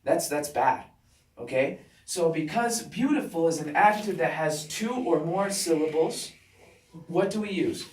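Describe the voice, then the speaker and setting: A male teacher giving a classroom grammar lesson, talking slowly and deliberately and checking in with students after nearly every point. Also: fairly high pitch, animated, darkish tone. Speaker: English teacher. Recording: roomy classroom sound from a distant mic.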